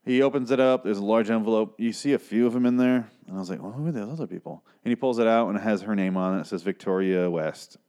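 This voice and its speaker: A young man recapping a TV episode in a casual, rambling way. He swears freely, gets excitable and loses his train of thought. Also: fairly low pitch, quick pace, hardly any pauses, clean tone. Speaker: podcast host recapping an episode.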